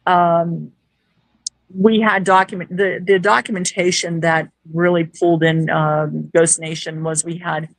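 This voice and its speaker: Woman paranormal investigator, lively storyteller, gravelly voice, dry close sound. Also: lowish voice, measured pace, dry recording, poor audio. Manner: lively, acts out quoted dialogue. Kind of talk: casual storytelling.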